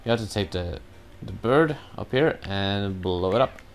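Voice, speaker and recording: A man's voice: lowish voice, animated, unhurried, gravelly, slight background noise. A man giving casual, rambling commentary while he plays a video game, cursing now and then at his own mistakes. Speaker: let's play gamer.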